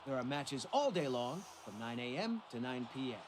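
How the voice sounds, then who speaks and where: A man's voice: mid-range voice, sing-song, moderate pace, background noise, natural voice. A man playing a chatty arena bookmaker. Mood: salesy. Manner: friendly salesman patter. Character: smooth-talking male arena betting agent. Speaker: video game character.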